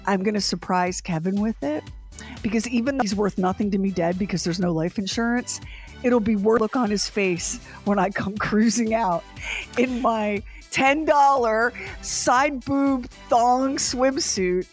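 A middle-aged woman co-hosting a radio show, telling a funny story in a casual, animated way with laughing asides. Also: mid-range voice, normal speed, faint music behind.

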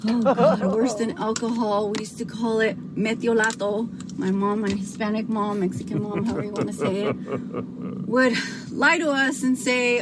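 A woman's voice: on the high side, steady tone, normal speed, very noisy. Chatty woman caller from Arizona. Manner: chatty, rambling, warm and emotional. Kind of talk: casual voicemail message.

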